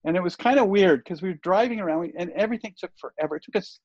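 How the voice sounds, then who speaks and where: Guesting on an interview show, an older surf TV producer rambles through a story with plenty of fillers and restarts. He speaks fast in a high, slightly mellow voice. It's a dull, lo-fi, dry recording without room sound.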